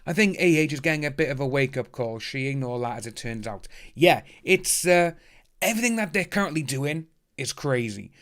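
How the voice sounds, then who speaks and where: A man's voice: medium pitch, expressive, brisk, fairly bright tone. A man hosting a casual livestream, chatting upbeat and thanking viewers by name as he reads the chat. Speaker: livestream host reading chat. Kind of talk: casual live stream chat.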